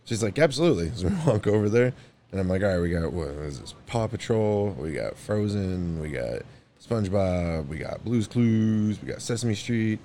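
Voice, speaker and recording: Very deep-voiced man, laid-back and chuckling. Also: animated, normal speed, dark tone, a little hiss or hum. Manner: laid-back, swears casually, trails off with chuckles. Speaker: podcast co-host. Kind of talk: casual chat.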